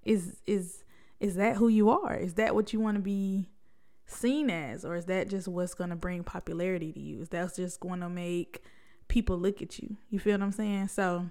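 A woman's voice: mid-range voice, clean tone. A young adult woman hosts a solo podcast, talking in a conversational, reflective way full of rhetorical questions. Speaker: podcast host.

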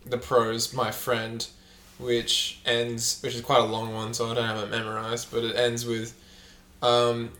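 A man co-hosting a podcast in casual chat, rambling and joking, with a loud fake laugh. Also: medium pitch, completely flat delivery, a little slow, roomy sound. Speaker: podcast co-host.

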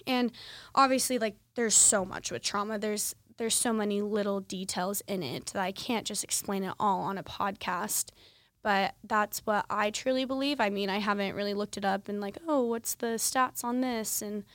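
A woman's voice: mid-range voice, normal speed, dry recording. Young woman podcasting about her own life, super candid and chatty, lots of likes and ums, dry mic with no room sound. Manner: candid, conversational, many fillers like "like" and "um". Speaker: podcast host. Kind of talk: personal storytelling monologue.

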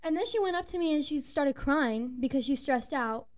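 High-voiced young woman telling a story. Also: normal speed. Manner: animated storyteller, grows loud and emphatic. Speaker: former restaurant host. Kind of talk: casual storytelling among friends.

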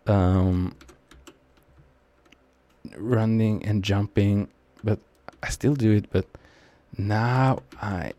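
A young man with a Norwegian accent talks through his match in a loose, rambling way, poking fun at himself. His voice is fairly low and mellow, and he speaks at an unhurried pace. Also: fairly even intonation, dry recording. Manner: rambling, low-key, self-mocking. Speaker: gamer commenting on his match. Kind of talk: casual gameplay commentary.

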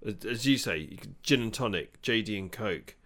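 A man's voice: fairly low pitch, expressive, normal speed, fairly bright tone. A man co-hosting a podcast, joking and giving firm opinions in a casual chat. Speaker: podcast co-host.

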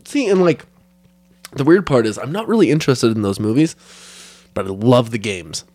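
A man's voice: mid-range voice, lively intonation, normal speed, a little mellow, no room sound. A young man co-hosting a podcast, chatting casually, laughing often and swearing freely. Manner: laid-back, swears often, laughs a lot. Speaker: podcast co-host. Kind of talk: casual chat.

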